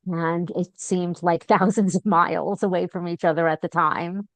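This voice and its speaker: A woman in her fifties from Long Island speaks fondly to a lifelong friend, her low voice recorded close and dry. She laughs easily and reels off affectionate memories. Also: steady tone, normal speed, dry recording. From Long Island, New York. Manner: fond, laughing, list-like tributes. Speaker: interviewer. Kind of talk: warm, affectionate conversational interview.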